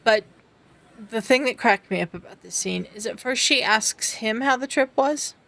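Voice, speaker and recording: A woman co-hosting a podcast, chatting through a TV episode recap on a video call and filling pauses with ums. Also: a little high, gravelly, fairly bright tone. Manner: chatty, retells scenes with filler ums. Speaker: podcast co-host. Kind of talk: casual recap chat.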